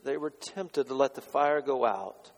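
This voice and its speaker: A man delivers a sermon in a church sanctuary, his voice carrying a long reverb through the hall. He pitches in a middling range and moves between forceful declarations and quiet, pointed questions to the congregation. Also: measured pace. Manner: dramatic, swinging from loud declarations to hushed rhetorical questions. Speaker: pastor.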